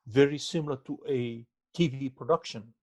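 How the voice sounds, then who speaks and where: A man's voice: medium pitch, normal speed, darkish tone. A man who advises businesses on funding, explaining step by step in a podcast interview and checking in with "okay".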